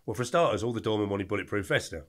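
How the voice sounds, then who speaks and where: An older man, telling colourful anecdotes as a podcast guest in an animated, slangy way. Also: fairly low pitch, very fast. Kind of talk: storytelling interview.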